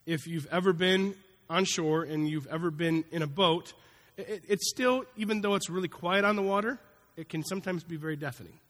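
A man's voice: high-pitched, brisk, few pauses, a bit bright. A man preaching a sermon in a conversational, folksy way, acting out little asides as he goes. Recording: long hall reverb.

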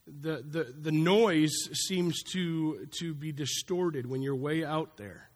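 A man's voice: on the high side, takes it slowly. A man preaching a sermon in a conversational, folksy way, acting out little asides as he goes. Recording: long hall reverb.

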